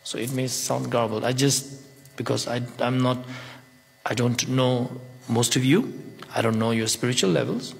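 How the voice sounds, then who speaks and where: A man's voice: mid-range voice, unhurried, creaky, in a large hall, soft background music. A man whose first language is Tibetan gives a spontaneous Buddhist talk in English, playful and acting out little scenes. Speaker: Buddhist teacher.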